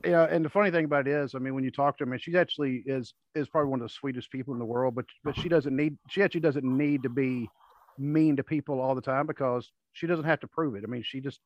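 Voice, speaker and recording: Talking fast in a mid-range voice, this podcast host wanders through anecdotes in a relaxed conversation, performing other people's lines as he goes. The recording is dry, dull and lo-fi.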